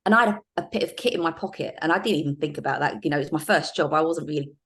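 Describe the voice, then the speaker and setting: A middle-aged woman, speaking in a somewhat low register. She tells her stories in a lively, anecdotal way, laughing often and stopping on fillers. The sound is that of a casual podcast interview. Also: very fast. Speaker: guest, former undercover police officer.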